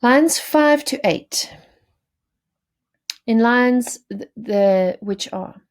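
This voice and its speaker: A woman's voice: on the high side, animated, drawn-out words, long pauses. A woman teacher giving a recorded lesson, explaining poetry to her students with fillers and self-corrections. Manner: explanatory, addresses students directly.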